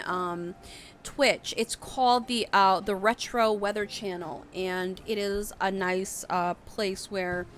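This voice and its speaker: A woman's voice: medium pitch, a bit bright. A young woman streamer chatting casually on a live stream, rambling with lots of fillers. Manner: rambling, full of fillers and restarts. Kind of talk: casual livestream chat.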